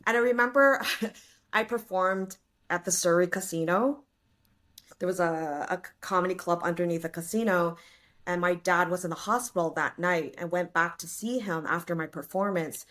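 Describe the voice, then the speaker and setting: Comedian guest, woman in her late forties, lively storyteller with a slightly low pitch. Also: normal speed. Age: 40s. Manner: lively storyteller, acts out voices. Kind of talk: casual podcast interview.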